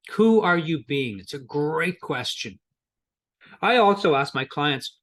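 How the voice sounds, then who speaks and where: A middle-aged male coaching trainer with a slightly raised pitch, talking casually and restarting phrases as he goes. He walks through a lesson by voicing both himself and an imagined client in little back-and-forth dialogues. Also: takes it slowly, fairly bright tone. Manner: acts out both coach and client in quoted exchanges; conversational, with repetitions and restarts.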